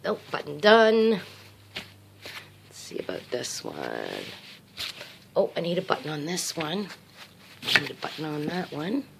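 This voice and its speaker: A middle-aged woman and grandmother vlogging casually at home, talking to her viewers in an excited, emotional, chatty way. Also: lowish voice, a little slow, vocal fry, pauses often, noisy background. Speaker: crochet vlogger. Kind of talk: casual vlog chat while packing. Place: at home, indoors.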